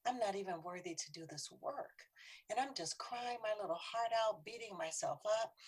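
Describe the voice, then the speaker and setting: Middle-aged woman, husky storyteller, dramatic delivery with whispered emphasis. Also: medium pitch. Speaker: speaker on bias. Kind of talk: personal storytelling talk.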